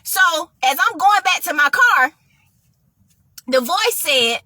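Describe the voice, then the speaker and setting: A woman's voice: very high voice, slow, no room sound. A woman telling a personal testimony story to listeners, acting out both sides of the conversation. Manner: animated, addresses listeners as y'all.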